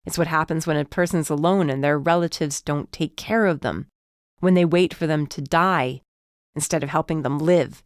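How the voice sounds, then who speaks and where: A woman narrating a mystery audiobook in the first person, in a tense, measured storytelling manner. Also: sits low, no echo, studio quality.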